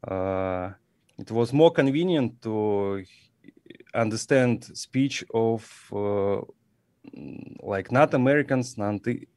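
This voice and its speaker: A man with a Russian accent, a guest speaking careful, halting English in a casual interview, pausing often to search for words. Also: on the low side, a little mellow, no echo. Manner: halting non-native English with searching pauses. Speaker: guest musician. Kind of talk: casual interview over a video call.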